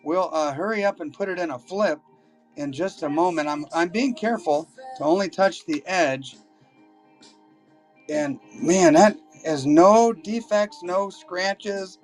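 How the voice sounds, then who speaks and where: A man hosting a live coin auction stream, talking casually and exclaiming excitedly over silver coins. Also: high voice, a little slow, faint music behind. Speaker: livestream auction host.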